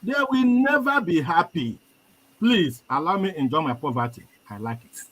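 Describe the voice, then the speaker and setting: A man's voice: a little high, moderate pace, poor audio. A young man with a Nigerian accent, a guest telling a life story with quoted dialogue in a live chat. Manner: animated storyteller, quotes others.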